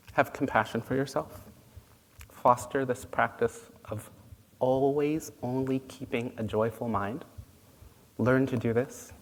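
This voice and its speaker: A man teaching a dharma talk. He is playful, often chuckling at his own jokes, and his voice sits at an ordinary middle pitch. The sound rings in a long hall reverb. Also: fairly bright tone. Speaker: Buddhist teacher.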